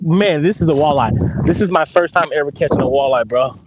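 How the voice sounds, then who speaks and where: An excitable man with a high voice, exclaiming and swearing as he talks on a fishing boat outdoors. The sound is dull and lo-fi, with clear noise underneath. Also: fairly quick. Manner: exclaims loudly, swears, calls people bro and dude. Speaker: angler. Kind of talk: excited casual chat while fishing.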